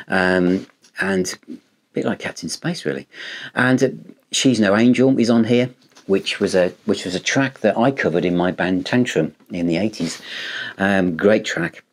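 Low husky male music reviewer. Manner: rambling, conversational, many fillers and restarts. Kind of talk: casual album review.

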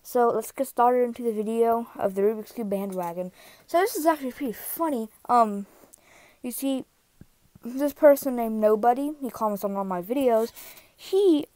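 A woman's voice: on the high side, darkish tone. A woman vlogger in casual chat, rambling with many fillers and asides, recorded on a phone. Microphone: iPhone.

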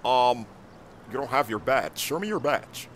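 A man voicing a polite, stiff male security guard who talks softly and hesitantly. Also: medium pitch, animated, unhurried, a little hiss or hum, pitched below the performer's own voice. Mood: firm. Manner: formal, hesitant, soft-spoken.

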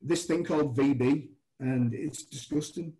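A man guest on a podcast, telling stories with lively acted-out dialogue. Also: medium pitch, a little slow, rough recording. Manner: animated storyteller, acts out dialogue. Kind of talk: anecdotal storytelling.

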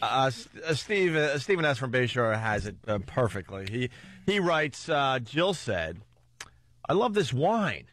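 A man's voice: medium pitch, big pitch swings, normal speed, a bit bright, no room sound. A man hosting a radio talk show, cracking wise and moving things along into a studio microphone. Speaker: radio host. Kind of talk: casual radio banter.

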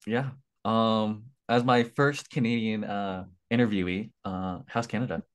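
A young man interviewing a fellow contestant in a loose, rambling way, full of "like" and quick apologies. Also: lowish voice, steady tone, clean tone. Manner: rambling, filler-heavy, apologetic. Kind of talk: casual chat.

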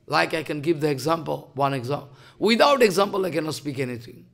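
Bengali-accented male preacher, high gravelly voice, impassioned sermon. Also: lively intonation, a bit bright. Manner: impassioned, halting, acts out quoted dialogue. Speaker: spiritual teacher. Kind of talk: devotional sermon.

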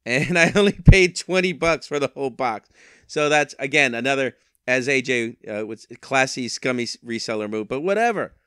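Animated and at a moderate pace, this man's mid-range voice sounds fairly bright and clean. Holding a handheld mic, the eBay reseller rambles through his online sales in a casual vlog, tossing in wry jabs at himself, all in studio-quality sound with no room echo.

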